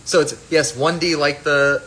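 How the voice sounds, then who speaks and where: A man's voice: on the high side, steady tone, measured pace, a bit bright, poor audio. A man chatting casually on a phone livestream about his own fragrance, rambling and playful as he jumps between topics.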